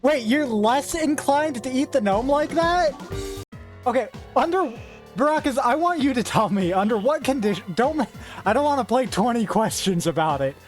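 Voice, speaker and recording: A woman's voice: high-pitched, normal speed, soft background music. A young woman chatting casually as a host, rambling through a playful argument with lots of fillers and a constant "right?". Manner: rambling, filler-heavy, keeps asking "right?"; playful, animated. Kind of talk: casual debate chat.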